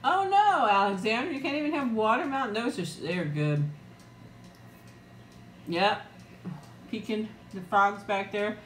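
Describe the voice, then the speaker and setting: A woman's voice: medium pitch, expressive, unhurried, pauses often, roomy sound, a little hiss or hum. A middle-aged woman chatting casually on a live eating stream, greeting viewers by name and laughing often. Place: room at home. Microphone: new external mic, close.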